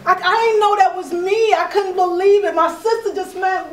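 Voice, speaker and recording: A woman giving spiritual advice in an animated storytelling way. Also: very high voice, normal speed, few pauses. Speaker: spiritual advisor. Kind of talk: conversational advice. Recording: echoey room, far from mic.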